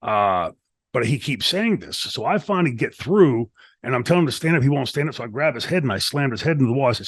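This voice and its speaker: A middle-aged man tells a backstage wrestling story in an animated, profane way, acting out what people said along the way. His voice sits at an ordinary male pitch. The studio sound is dry and close. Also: fast, dry recording. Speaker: retired wrestler telling a story. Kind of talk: shoot interview storytelling. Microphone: studio mic.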